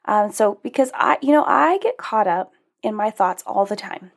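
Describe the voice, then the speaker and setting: A woman's voice: mid-range voice, lively intonation, normal speed, vocal fry. A young adult woman hosting her own podcast, talking in a chatty, upbeat and self-reflective way. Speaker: podcast host. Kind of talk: casual solo podcast talk.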